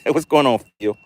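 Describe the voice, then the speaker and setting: Lively-voiced man hosting a fishing stream. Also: on the high side, breathy edge, no room sound. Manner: chatty, excitable, hypes up catches. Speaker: fishing livestream host. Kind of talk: live fishing stream, reading chat aloud. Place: outdoors on a boat on a lake.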